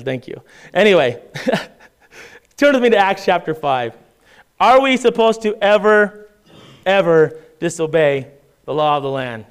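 A man's voice: a little high, clear, resonant tone. A man preaching a sermon in a conversational way, reading scripture aloud and often checking in with "right?". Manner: conversational preaching with frequent "right?" asides and restarts; reads scripture aloud in King James style. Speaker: pastor.

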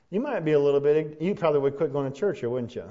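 A man preaching a sermon as pastor, building from conversational asides to loud, fervent passages. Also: fairly high pitch, lo-fi sound.

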